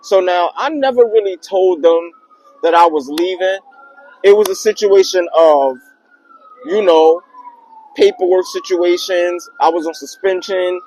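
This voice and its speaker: Young man, higher voice, casual slangy storyteller, vlog style. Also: measured pace, poor audio. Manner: slangy, animated retelling with acted quotes. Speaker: vlogger telling a personal story.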